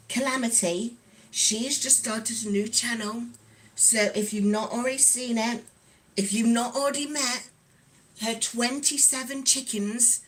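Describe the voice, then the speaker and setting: A woman's voice: fairly high pitch, a bit bright. A middle-aged woman with a Nottingham accent, chatting casually on a livestream and reading out viewer comments with frequent giggles. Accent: Nottingham English. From England. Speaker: livestream host. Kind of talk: casual livestream chat while sewing.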